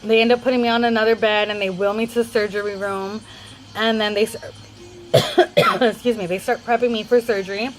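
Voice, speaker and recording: A woman's voice: medium pitch, fairly even intonation, fairly quick, low-quality recording. A young adult woman vlogger rambling through a casual storytime in a chatty way.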